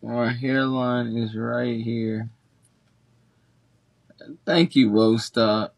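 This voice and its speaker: Slow, laid-back man on a livestream. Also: mid-range voice, fairly even intonation, vocal fry. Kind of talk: casual livestream chat.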